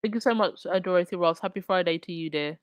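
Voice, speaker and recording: A woman's voice: fairly low pitch, fast, clear, resonant tone, no echo. Woman, Essex accent, livestream host, chatty, stop-start delivery, dry room. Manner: chatty, reading out comments and articles; frequent restarts and fillers. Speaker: commentary channel host. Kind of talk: casual livestream commentary.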